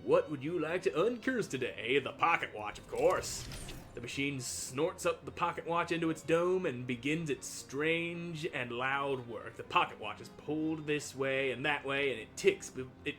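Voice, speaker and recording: A man's voice: on the high side, moderate pace, a bit bright, faint music behind. A young man casually narrating a video game playthrough, playfully reading the game text aloud. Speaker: game streamer. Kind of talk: casual let's-play narration.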